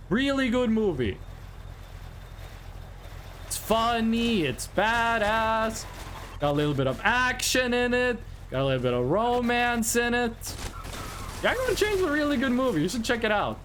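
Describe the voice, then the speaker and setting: A man's voice: very high-pitched, big pitch swings, unhurried, a bit bright, slight background noise. A man rambling playfully while streaming a driving game, joking and humming tunes. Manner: playful, rambling, sings snatches of songs. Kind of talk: casual live-stream gameplay chat.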